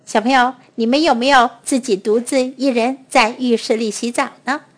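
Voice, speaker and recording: A woman whose first language is Mandarin Chinese, teaching English to children and repeating each phrase slowly. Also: fairly high pitch, steady tone. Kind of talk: bilingual lesson for children.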